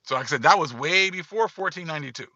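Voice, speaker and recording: Forceful man giving emphatic commentary. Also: on the high side, expressive, quick pace, no echo, highs cut off. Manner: emphatic, repetitive, talks straight to viewers. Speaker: online commentator. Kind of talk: casual livestream commentary.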